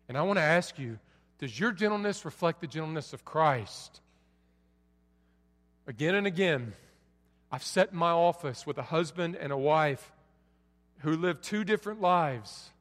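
A middle-aged male pastor preaching a sermon, swinging from soft pleading lows to loud forceful peaks. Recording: long reverb of a large hall.

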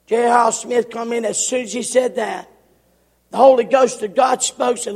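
Man, preacher, sermon, very high voice, raspy, long hall reverb. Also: steady tone, normal speed. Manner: dramatic swings from shouting to whispering. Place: church sanctuary.

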